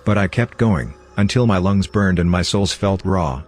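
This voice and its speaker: Deep-voiced man narrating horror. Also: lively intonation, moderate pace, a little mellow. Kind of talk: scripted first-person horror narration. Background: faint background music.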